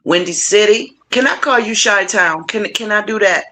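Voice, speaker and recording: A middle-aged woman hosting a casual livestream, warmly encouraging her viewers and talking to them directly. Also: normal speed. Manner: warm, encouraging, animated with big pitch swings; playful, addresses viewers directly. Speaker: livestream host.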